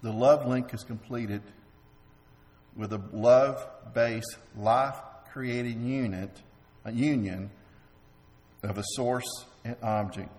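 Guy preaching in a church, mid-pitched voice, stops and repeats himself a lot, long echo off the hall. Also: darkish tone. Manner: halting, repeats words, asks the congregation questions. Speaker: pastor. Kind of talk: sermon. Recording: long reverb of a large hall.

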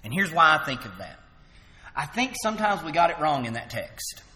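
A man preaching an evening sermon, rising loud for emphasis and dropping soft to voice quoted words. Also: a little high, very animated, normal speed, big-room sound.

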